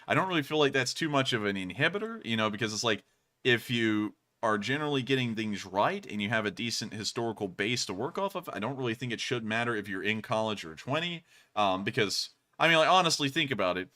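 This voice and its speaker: A man in his twenties co-hosting a live stream, chatting casually and rambling with lots of fillers and restarts, deliberately raising his pitch. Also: expressive, pushed and bright. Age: 20s. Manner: speaks in a deliberately raised pitch. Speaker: stream co-host.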